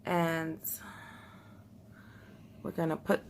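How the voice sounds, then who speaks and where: A young woman talks casually to her viewers from home, her voice sitting a little low. She is chatty and nervous, laughing often as she goes. A faint hiss runs under the recording. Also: completely flat delivery, drawn-out words. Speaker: vlogger. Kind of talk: casual beauty vlog chat.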